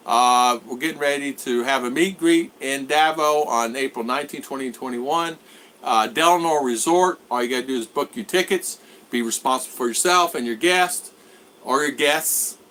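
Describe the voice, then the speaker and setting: A man's voice: fairly high pitch, bright, forceful tone. A middle-aged American man hosting a casual live stream, rambling with fillers as he reads viewer comments aloud and chats back. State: recovering from a cold. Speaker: vlog host. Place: home in the Philippines.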